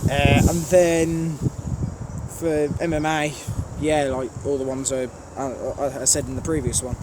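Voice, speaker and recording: A man's voice: medium pitch, flat delivery, a little slow. Blunt Birmingham man at a railway station. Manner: blunt, rambling, chatty with fillers. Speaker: trainspotting channel host. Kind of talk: casual Q&A vlog. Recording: outdoor background noise.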